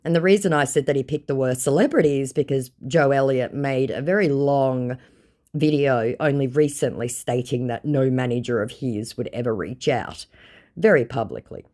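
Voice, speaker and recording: A woman's voice: very deep voice, normal speed, mellow. A woman narrating chat screenshots from a scam-baiting exchange, speaking in a mocking, amused way. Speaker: scam-baiting video creator.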